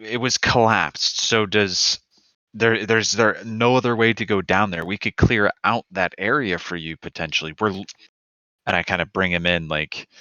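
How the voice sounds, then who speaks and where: A man playing a tabletop game, speaking in a measured way. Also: on the low side, bright, forceful tone, dry recording, muffled recording. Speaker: player. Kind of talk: tabletop role-play.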